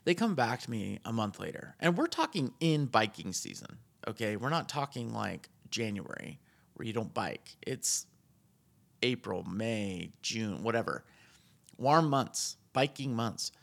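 Male podcast host, casual rambling rant, gravelly fry, slightly husky edge. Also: big pitch swings, unhurried, a bit bright. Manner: rambling, ranting, jumps high in pitch when exasperated.

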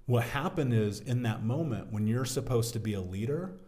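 A man in his thirties telling a story from his working life as a guest in a casual interview, animated and talking like a buddy. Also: medium pitch, normal speed. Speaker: podcast guest, business owner.

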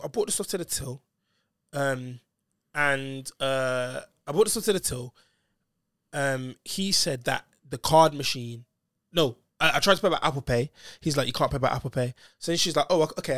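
A man's voice: a little high, moderate pace, a bit bright, no echo, studio quality. A man telling a story in casual chat, full of slang and swearing and acting out what other people said.

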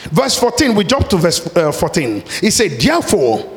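A man preaching a sermon, speaking with passion and at times rising to shouted pleas. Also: sits high, big pitch swings, normal speed. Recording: long hall reverb.

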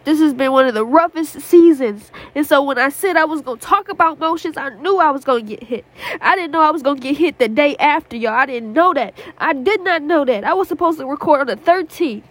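Woman podcast host, high voice, fervent repetitive prayer, dry close sound from a small prayer closet. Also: lively intonation, a little fast, no echo. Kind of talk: impassioned spoken prayer and exhortation.

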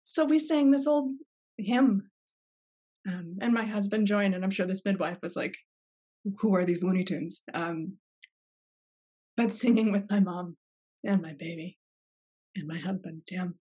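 Husky-voiced woman, reflective podcast guest. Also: mid-range voice, mellow. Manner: reflective, heartfelt, halting with fillers. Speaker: podcast guest, life coach. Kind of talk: casual interview chat.

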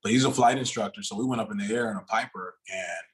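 Low-voiced man rambling on a podcast. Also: quick pace. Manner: rambling, many fillers and restarts. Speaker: podcast guest. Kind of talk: casual podcast chat.

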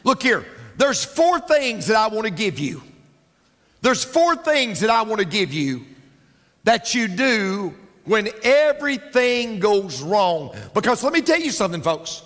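Bright, lively preaching man. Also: high-pitched, measured pace. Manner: emphatic, repeats lines for effect. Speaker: pastor. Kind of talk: sermon. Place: large church. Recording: reverberant church hall.

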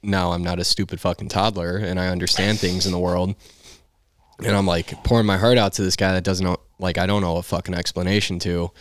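Deep-voiced young man telling a story. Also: fairly quick, no room sound, clean studio sound. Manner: animated, swears freely, laughs while telling. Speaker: guest. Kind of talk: casual storytelling chat.

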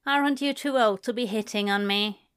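A woman voicing a frank, sharp young bartender in a dry, direct manner. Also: on the high side, moderate pace, clear, resonant tone, close to an everyday voice.

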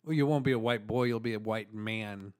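A man's voice: fairly low pitch, fairly quick, smooth. A man co-hosting a podcast in casual chat, talking in a laid-back, slangy way.

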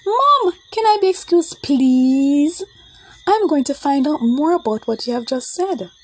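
A woman voicing an excitable, curious young girl who squeals and exclaims her questions in a children's storybook. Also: high-pitched, measured pace, voice pushed up. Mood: eager.

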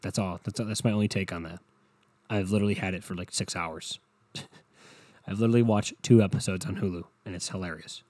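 A young man rambles through a solo podcast, profane and sarcastic, tossing off jokes. His voice sits low and mellow. The sound is dry and close, with no room behind him. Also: steady tone, fairly quick, no room sound. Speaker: podcast host. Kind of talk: casual solo podcast rant.

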